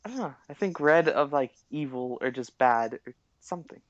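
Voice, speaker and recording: A man's voice: medium pitch, animated, normal speed, no echo. Young man, podcast co-host, rambling, laughs a lot, dull tone. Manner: rambling, laughs often, lots of fillers. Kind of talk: casual chat.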